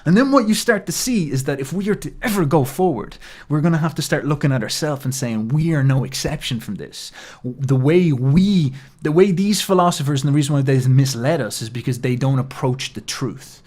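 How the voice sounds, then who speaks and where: A man giving a heated philosophy monologue. He swears freely, mocks others in sarcastic put-on asides, and keeps up a steady, animated flow. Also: a little high, fairly quick. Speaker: philosophy commentator. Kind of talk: impassioned monologue.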